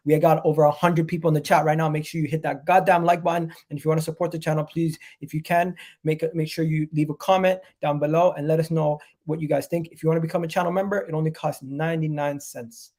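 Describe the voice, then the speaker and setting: A man hosts a live football reaction stream, his voice stuffy and nasal from a cold, a little high, gravelly, and darkish in tone. He's hyped and emphatic, repeating each point with conviction.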